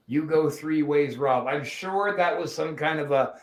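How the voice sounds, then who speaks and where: A man hosting a podcast who trades brash, mock-boastful, profane banter with his guests. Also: a little high. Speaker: podcast host.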